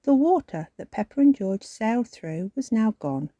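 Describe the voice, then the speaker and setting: A woman reading a children's storybook aloud in a slow, expressive way. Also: on the high side, no room sound, clean studio sound.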